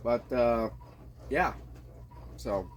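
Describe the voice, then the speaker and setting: A man's voice: medium pitch, very slow, a little hiss or hum. A man from the desert Southwest of the US who vlogs in a blunt, profane, meandering monologue. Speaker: vlogger. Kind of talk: casual monologue rant.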